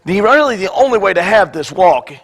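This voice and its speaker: Hoarse joking pastor with a raspy voice. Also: male voice, high-pitched, very animated, fairly quick. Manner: joking, self-deprecating asides before reading scripture. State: hoarse, coughing. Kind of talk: sermon.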